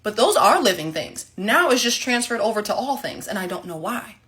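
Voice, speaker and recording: A woman telling a sarcastic, animated story straight to the camera in a casual monologue. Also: medium pitch, a little fast.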